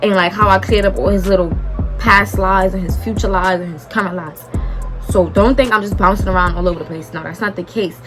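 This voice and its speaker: Young woman w/ aave doing a storytime vlog, super animated, music playing behind her. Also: medium pitch, brisk. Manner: animated, dramatic retelling with quoted dialogue. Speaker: vlogger.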